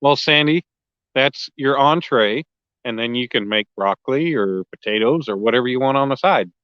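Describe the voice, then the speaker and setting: A man hosting a casual night fishing livestream, chatting easily with viewers and often clearing his throat. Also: medium pitch, normal speed, no echo, dull audio. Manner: laid-back, frequent throat clearing, reads chat aloud. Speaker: livestream host. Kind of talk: casual chat with live viewers. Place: outdoors at a riverbank at night.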